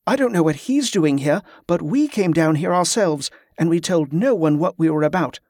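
An earnest young man who answers in a quick, apologetic way, as a male narrator voices him. His voice is a little high, and the reading is dry with no room around it. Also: expressive, a little mellow, no room sound. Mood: hasty.

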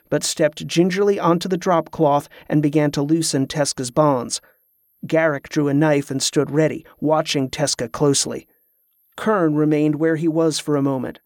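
A man narrating a novel as an audiobook, in a steady, even storytelling manner. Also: fairly high pitch, no room sound, studio quality.

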